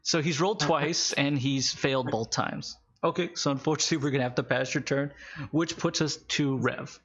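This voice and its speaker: A man running a tabletop game as game master, narrating with wry, halting asides. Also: medium pitch, fairly bright tone, highs cut off.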